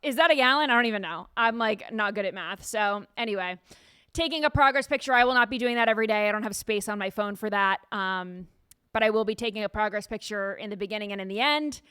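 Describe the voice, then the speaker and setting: A woman podcast host in casual chat, telling stories in an animated way with frequent laughter, recorded in a studio. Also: medium pitch, quick pace, clear, resonant tone, no echo.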